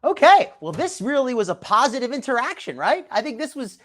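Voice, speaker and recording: Very high-pitched with big pitch swings, a man talks a little fast in a fairly bright tone while hosting a live stream. Chatty, he calls out viewers' names from chat, restarts often and makes sarcastic remarks.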